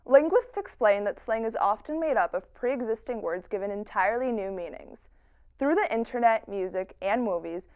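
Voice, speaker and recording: Anchor: woman, mid-pitch, clear scripted read for a news program. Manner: clear, even, read delivery.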